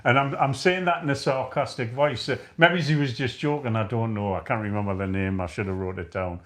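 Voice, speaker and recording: A man's voice: medium pitch, a little fast, fairly bright tone. A middle-aged man with a chatty, rambling, self-mocking way of talking, co-hosting a casual live chat. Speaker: co-host of a live chat stream.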